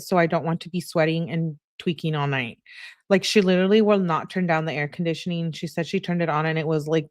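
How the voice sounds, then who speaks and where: Here a woman with a fairly low-pitched voice runs a true-crime channel, voicing text messages and adding conversational remarks in between. The sound is clean studio audio without any room echo.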